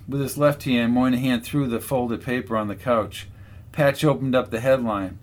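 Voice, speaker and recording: A man with a mid-range voice narrates a novel as an audiobook narrator. His scripted reading is steady and measured.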